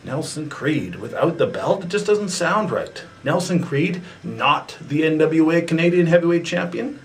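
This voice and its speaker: A comic performer doing a whiny, petulant rant as a wrestler, with slow repeated chanting and bits of singing. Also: male voice, fairly high pitch, big pitch swings, poor audio. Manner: sings along to a ukulele. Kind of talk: comedy rant monologue. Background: faint ukulele.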